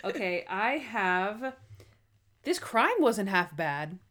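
A woman's voice: mid-range voice, slow pace. Chatty young woman recapping a show. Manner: animated, acts out quotes in character voices. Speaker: podcast co-host. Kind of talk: casual chat.

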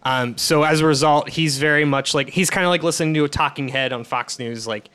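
A man co-hosting a comedy podcast, chatting casually and explaining at length. His voice sits a touch higher than most men's, and he drops wry asides. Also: fairly quick, fairly bright tone, clear, resonant tone. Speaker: podcast co-host.

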